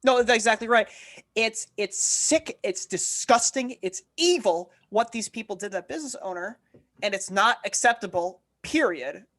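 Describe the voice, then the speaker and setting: A woman's voice: mid-range voice, expressive, normal speed, fairly bright tone. Impassioned woman co-hosting a podcast. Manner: impassioned, argumentative, frequent self-restarts. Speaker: podcast co-host. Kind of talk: political discussion podcast.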